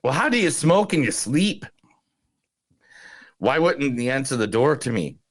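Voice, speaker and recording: A man's voice: mid-range voice, big pitch swings, a little slow. A man putting on a sweary Irish islander. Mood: mock Irish. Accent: put-on Irish. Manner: exaggerated, sweary, swallowing laughs between lines. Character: gruff profane Irish islander, adult man. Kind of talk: podcast movie quote reading.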